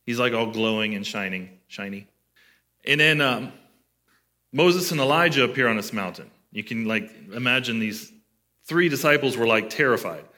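A man delivering a sermon to his church in a bright, forward voice. He talks in a conversational way and often puts questions to his listeners. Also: mid-range voice, animated, moderate pace. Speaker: pastor.

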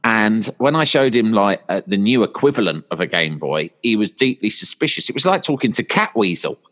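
A man's voice: lowish voice, a little fast. Man telling rambling anecdotes. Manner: animated anecdotes, voices friends in quotes. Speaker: podcast guest. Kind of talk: casual storytelling.

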